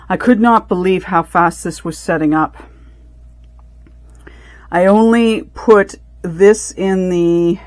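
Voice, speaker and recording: Lady chatting thru her resin project, lowish voice, rambly, keeps correcting herself, dry room. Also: no room sound. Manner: rambling, self-correcting, thinking aloud. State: out of breath. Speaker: resin crafter. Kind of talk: casual crafting commentary.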